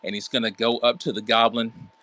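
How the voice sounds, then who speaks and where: Bright-voiced man planning his move. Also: mid-range voice, flat delivery, brisk. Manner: hesitant, with many fillers while planning. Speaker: player. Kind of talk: casual tabletop game play.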